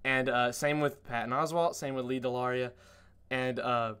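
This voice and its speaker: A man's voice: medium pitch, fairly even intonation, moderate pace, a bit bright, smooth. A man hosting a casual podcast, telling long rambling stories packed with "like" fillers and swearing. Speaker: podcast host.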